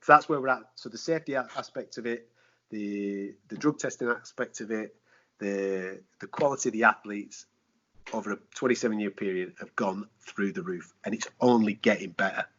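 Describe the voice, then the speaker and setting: A man, a sports presenter, chatting on a podcast in a lively way, with rhetorical questions, slang and swearing. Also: fairly low pitch, moderate pace. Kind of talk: casual podcast chat. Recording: dull lo-fi podcast audio.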